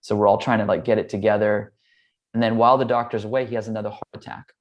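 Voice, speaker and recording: A man's voice: on the low side, fast talker, muffled recording. A man from Hawaii and California, a yoga teacher and interview guest, telling stories in a casual, chatty way and acting out the people in them. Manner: relaxed, chatty, with many "um" and "like" fillers; acts out the voices of the people in his stories. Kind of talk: casual conversational storytelling.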